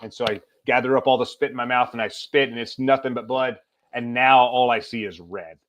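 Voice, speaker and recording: Man telling a story in an animated way. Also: medium pitch, a little fast, a little hiss or hum. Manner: animated, acts out quoted lines. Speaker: podcast guest. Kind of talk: casual storytelling.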